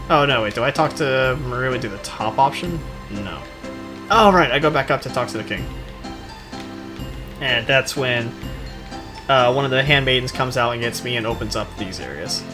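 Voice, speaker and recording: Man, casual let's-play commentary, joking, game music behind. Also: medium pitch. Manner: joking, mocking, shifts between quiet asides and excited outbursts.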